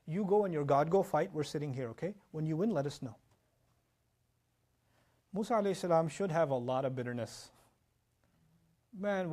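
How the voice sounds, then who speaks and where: A man giving an animated Quran lecture as an Islamic teacher, reciting Arabic verses between explanations. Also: on the high side. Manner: animated, fast-talking, mixes in Arabic recitation.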